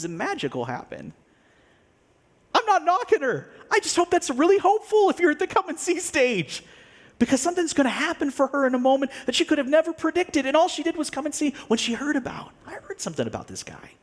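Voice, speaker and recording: Male pastor, middle-aged, sermon delivery, animated storyteller, very expressive pitch. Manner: animated storytelling, acts out quoted characters, laughs often.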